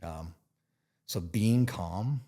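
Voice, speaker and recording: Deep-voiced man explaining bear safety calmly. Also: extremely slow. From Montana. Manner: relaxed, explains with playful acted-out asides. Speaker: bear expert guest. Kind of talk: casual interview talk.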